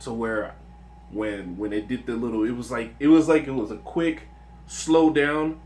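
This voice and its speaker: A man's voice: mid-range voice, steady tone, moderate pace, darkish tone. A man recounting a dream and reading scripture in an informal religious video. He talks earnestly and conversationally, often restarting his sentences and adding "man".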